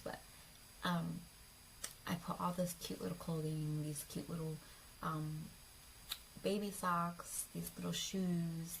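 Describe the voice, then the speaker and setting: A woman's voice: low voice, gravelly, a little hiss or hum, poor audio. A young adult woman vlogger telling a personal story in a casual, rambling way. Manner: chatty, rambling, with fillers and acted quotes.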